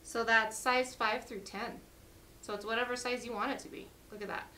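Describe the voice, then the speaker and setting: Woman host, bright cheerful sale patter, slightly higher voice, mic a bit distant with faint hiss. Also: fairly even intonation, moderate pace. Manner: chatty, upbeat, reads lot numbers and prices. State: losing her voice. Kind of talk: live jewelry sale chat.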